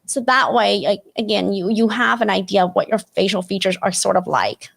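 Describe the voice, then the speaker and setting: A woman's voice: mid-range voice, normal speed, creaky, fairly bright tone. A woman hosting a live career webinar over a video call, talking casually with lots of fillers and frequent "right?" checks. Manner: chatty, many fillers like "like" and "you know", frequent "right?" tag questions. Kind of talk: casual instructive webinar talk.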